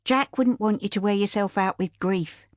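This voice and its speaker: A woman playing a brisk, practical aunt. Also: mid-range voice, no room sound, studio quality, close to an everyday voice. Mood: firm. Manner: brisk, stern, comforting. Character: brisk, practical older woman, family friend.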